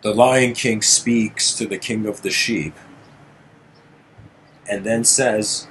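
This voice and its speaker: A man's voice: fairly low pitch, fairly even intonation, slow, long pauses, fairly bright tone, a little hiss or hum, low-quality recording. A man lecturing in a casual, meandering storytelling way. He often restarts phrases and adds "you know".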